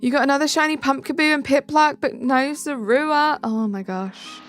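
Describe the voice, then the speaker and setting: A woman's voice: sits high, normal speed. A young woman from England, live streaming and chatting back to viewer comments in a casual way. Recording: faint music behind.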